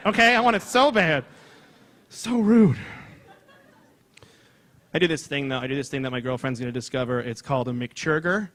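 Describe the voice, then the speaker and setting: A man doing a loud, excitable, self-mocking stand-up comedy set on stage before a live audience. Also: sits high.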